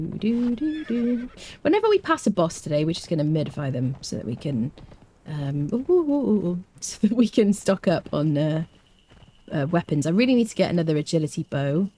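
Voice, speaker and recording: A Scottish woman chatting playfully to viewers as she plays and guides a game, with careful, clear enunciation. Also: sits low, sing-song, a little fast, warm tone, slight background noise. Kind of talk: casual live-stream gameplay commentary.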